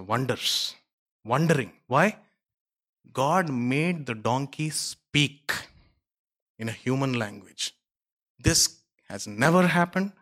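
A man's voice: medium pitch, fairly bright tone. A man preaching a sermon, retelling a scripture story in a conversational way with asides to his listeners.

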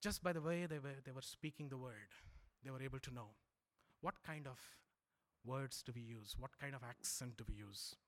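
A middle-aged man from India, preaching a sermon and swinging from loud emphatic lines to low quiet asides. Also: moderate pace.

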